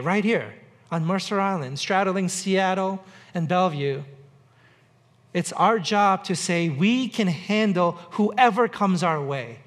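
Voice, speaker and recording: A pastor at a church on Mercer Island delivers a conversational sermon full of repetition and dry humor. His voice is high with a fairly bright tone.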